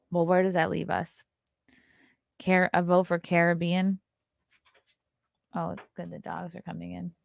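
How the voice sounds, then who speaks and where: A woman's voice: on the low side, fairly even intonation, measured pace, vocal fry, long pauses, a bit bright, no echo, studio quality. A young adult woman hosting a casual morning talk show, reading news items aloud and breaking in with blunt, swearing asides. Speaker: podcast host.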